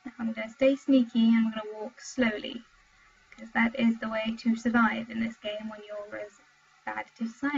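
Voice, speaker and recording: A young woman from Wales chatting with her viewers while commenting on her gameplay, excitable and talkative, in dull lo-fi home stream audio. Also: on the high side, creaky, husky. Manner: chatty, excitable, exclaims at the game. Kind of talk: live gameplay commentary and chat.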